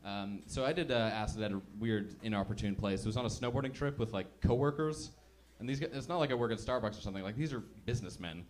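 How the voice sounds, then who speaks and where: Chatty self-mocking comedian on stage. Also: male voice, lowish voice, quick pace, hardly any pauses. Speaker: stand-up comedian. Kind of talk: stand-up comedy set.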